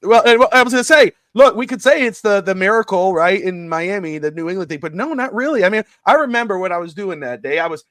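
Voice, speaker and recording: A high-pitched, excitable middle-aged man hosting a live sports talk show. He rambles eagerly and laughs often. His voice sounds close and dry. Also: fast, hardly any pauses, no echo.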